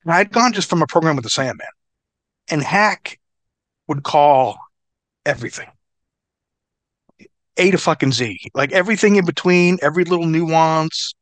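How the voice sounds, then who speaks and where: A fairly high-pitched man, recorded dry, tells stories in a casual interview; he's a middle-aged former wrestler. He's profane and animated, swearing often and laughing between bits.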